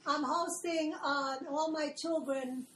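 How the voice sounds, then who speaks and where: Lady in her sixties, high voice, chatting casually, a bit away from the mic, echoey. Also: fairly even intonation, takes it slowly, a little hiss or hum. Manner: warm, chatty, slightly off-mic. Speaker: guest, longtime fan. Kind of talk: casual chat. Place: home, family gathering.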